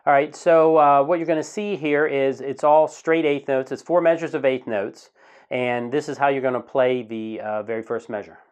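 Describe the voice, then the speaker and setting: A man teaching a guitar strumming lesson in a relaxed, casual way, counting the beats slowly aloud. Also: medium pitch, smooth. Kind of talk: casual instructional talk. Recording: guitar playing in the background.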